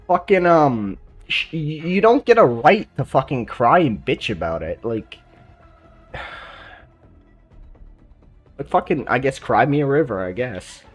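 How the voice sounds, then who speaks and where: A man's voice: mid-range voice, very animated, unhurried, long pauses, faint music behind. A man from Canada giving blunt, swear-heavy reaction commentary, ranting casually. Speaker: reaction streamer.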